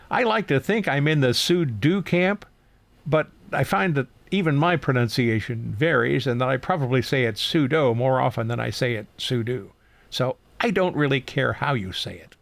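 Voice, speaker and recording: A man's voice: mid-range voice, vocal fry, no room sound. An older man hosting a tech news segment, reading a scripted explainer in a dry, matter-of-fact way.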